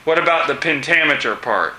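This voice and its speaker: A man teaching a class, asking students questions with many pauses and fillers. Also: a little high, expressive, pushed and bright. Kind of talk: classroom discussion lesson. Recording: echoey room.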